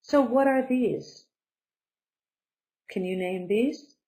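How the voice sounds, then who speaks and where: A woman teaching a beginner English lesson, speaking slowly and deliberately and stressing syllables to model pronunciation. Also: on the high side, dark tone, low-quality recording.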